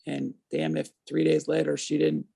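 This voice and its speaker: Gravelly man in his fifties telling a story. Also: fairly high pitch, normal speed. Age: 50s. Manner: animated storyteller acting out quoted voices. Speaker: interview guest. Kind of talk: storytelling in an interview.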